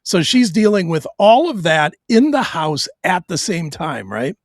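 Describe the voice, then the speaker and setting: A man's voice: sits high, sing-song, measured pace, no echo, studio quality. A middle-aged man on his own show, telling a hard personal story bluntly and profanely, with stammered restarts.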